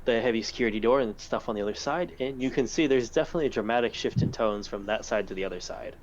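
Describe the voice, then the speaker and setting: Man, game master, mid-pitched voice, rambling scene descriptions, slightly muffled audio. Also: quick pace, a little hiss or hum. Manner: loose, rambling description with many fillers. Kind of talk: narrating a tabletop game.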